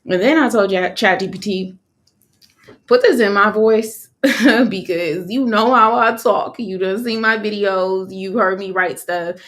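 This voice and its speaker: A woman's voice: medium pitch, a little slow, fairly bright tone. A young woman from California, an online course creator, talking casually on a live stream, chatty and slangy, laughing often.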